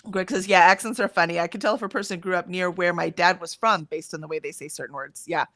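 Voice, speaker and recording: A woman's voice: fairly low pitch, fast talker, pushed and bright, no echo. An American woman with a general, accentless American voice, chatting casually on a livestream, reading out chat comments with frequent ums. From United States. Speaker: livestream co-host.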